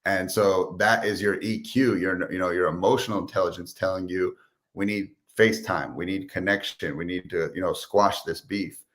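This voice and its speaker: A man's voice: low-pitched, normal speed. A man who is a guest on a podcast, telling business stories in casual chat and acting out quotes as he goes. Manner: animated storyteller, acts out quotes. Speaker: guest, sales expert and entrepreneur.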